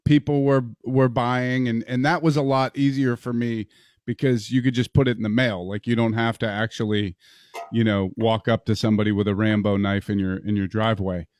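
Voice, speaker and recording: A man's voice: medium pitch, little pitch movement, fairly quick, a little mellow, dry recording. A man co-hosting a casual chat, speaking in a wry, joking way. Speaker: podcast co-host.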